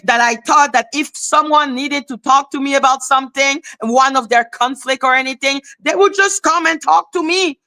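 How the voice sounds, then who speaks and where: High, bright-voiced woman ranting bluntly. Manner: blunt, profane, animated, rapid repeated questions. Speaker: commentary channel host. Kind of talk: heated casual rant.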